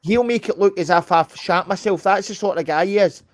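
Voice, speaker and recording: A middle-aged Scottish man hosting a live stream, telling a rambling story fast and swearing freely. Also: sits high, dry recording. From Scotland. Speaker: livestream host. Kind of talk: casual chat on a live stream.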